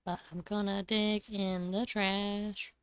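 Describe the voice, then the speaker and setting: A woman's voice: mid-range voice, flat delivery, slow, clean tone. A young woman streaming a farming game, chatting casually and talking to the characters on screen. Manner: chatty, talks to game characters, laughs and coughs often. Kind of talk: casual gameplay commentary.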